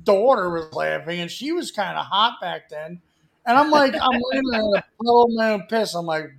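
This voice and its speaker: A man's voice: high-pitched, normal speed, gravelly. A man from Florida co-hosting a podcast, telling rambling, profane stories in a loose banter style. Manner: profane, rambling, animated storyteller. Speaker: podcast co-host. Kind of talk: crude storytelling banter.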